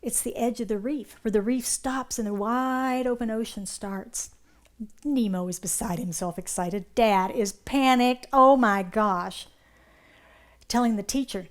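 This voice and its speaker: A woman minister giving a sermon, retelling a story with animated delivery and checking in with her listeners. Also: on the high side, a little slow.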